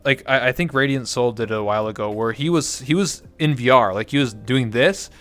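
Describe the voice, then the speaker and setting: A man's voice: medium pitch, a little fast, a bit bright. Rambling, jokey male streamer. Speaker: livestream host. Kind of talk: casual chat.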